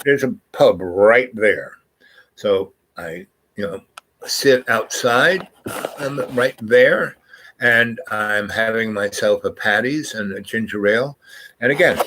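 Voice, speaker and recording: A man telling a long casual story, rambling and animated, acting out the voices of the people he quotes. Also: lowish voice, a little hiss or hum, poor audio. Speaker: storyteller host.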